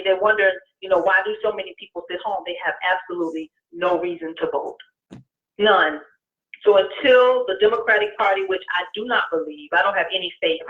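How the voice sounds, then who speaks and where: A woman guest taking part in a political discussion, speaking in an earnest, emphatic way. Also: mid-range voice. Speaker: guest co-host. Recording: tinny roomy phone-like call audio.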